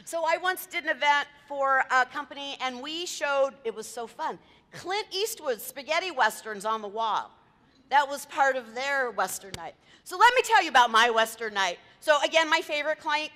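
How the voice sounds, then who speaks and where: Female speaker, high and bright, chatty talk to a meeting crowd, hall reverb. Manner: chatty, quizzes the audience, tells anecdotes. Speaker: event planner giving a talk. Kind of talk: lively presentation to a live audience. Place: meeting room with audience.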